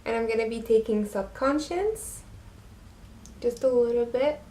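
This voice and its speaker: A young woman narrating a makeup tutorial, gushing and easily excited as she talks to her viewers. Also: on the high side, a little slow. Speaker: beauty vlogger.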